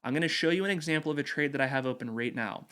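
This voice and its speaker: A man's voice: on the high side, rapid-fire, clean tone. Persuasive man walking through trades. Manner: persuasive, animated. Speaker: investing video host. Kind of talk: screen-share explainer.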